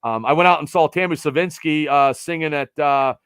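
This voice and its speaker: Middle-aged male sports podcast host, rambling casual chat, dry close mic, slightly high voice. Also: a little fast, clear, resonant tone, no echo. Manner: rambling, animated, trails off with fillers.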